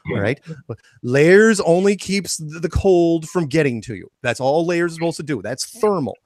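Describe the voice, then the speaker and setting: Animated man on a rant. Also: a little high, normal speed. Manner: enthusiastic, ranting, repeats phrases. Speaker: guest. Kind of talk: podcast interview.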